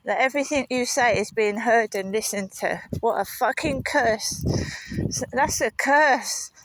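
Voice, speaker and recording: Out with her dog, a woman talks into a handheld camera while walking, rambling casually and muttering sworn asides. She's a vlogger with a slightly high, somewhat bright voice and an unhurried pace; the audio is poor, with no room sound.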